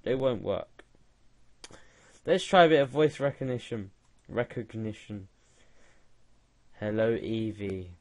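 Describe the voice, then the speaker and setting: A man's voice: mid-range voice, animated, unhurried, pauses often. A young man giving casual gaming commentary, mocking and laughing at a chatbot. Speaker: gaming video creator.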